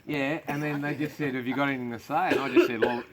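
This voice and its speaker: A man's voice: fairly high pitch, fast, over a noisy crowd. A man with an Australian accent, a comedian telling crude stories in casual chat on a farm, swearing constantly. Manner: crude, swearing yarn-spinner. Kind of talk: casual storytelling. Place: outdoors on a farm.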